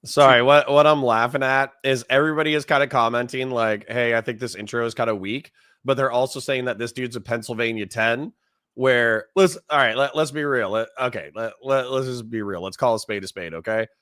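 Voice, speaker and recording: A man's voice: medium pitch, brisk, fairly bright tone, no echo, clean studio sound. A man giving casual live-stream commentary, chatty, laughing often and reading out chat messages. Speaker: streamer reacting to a debate.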